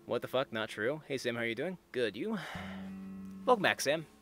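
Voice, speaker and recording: Man streaming a game, blunt, cursing, mid pitch, game music behind. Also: big pitch swings, moderate pace. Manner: blunt, swears casually. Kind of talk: casual game-stream commentary.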